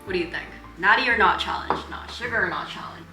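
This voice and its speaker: A woman's voice: mid-range voice, quick pace, reverberant, music in the background. A young woman from Korea chatting casually in a cooking vlog, rambling in a sarcastic, self-mocking way. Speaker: cooking vlogger. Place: home kitchen.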